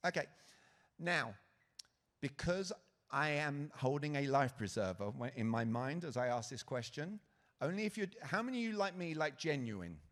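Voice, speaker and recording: A man's voice: on the high side, moderate pace. A man giving a live sales talk at a conference, asking the audience questions and acting out quotes. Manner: lively, asks the audience questions, acts out quotes. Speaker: conference speaker. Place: conference hall stage.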